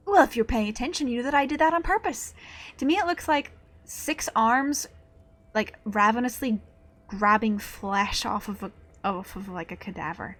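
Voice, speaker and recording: A woman streaming a video game, reacting with excitable, swear-filled casual commentary. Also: a little high.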